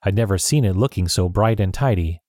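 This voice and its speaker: A man's voice: low-pitched, fairly quick, dark tone, dry recording, studio quality. Man reading a storybook aloud. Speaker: narrator.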